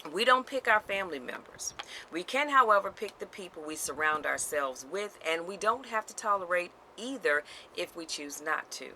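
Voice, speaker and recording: Woman vlogger, bright tone, sassy and emphatic, repeats key lines to camera. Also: sits low, slight background noise, low-quality recording. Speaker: motivational vlogger. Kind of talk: direct-to-camera motivational talk.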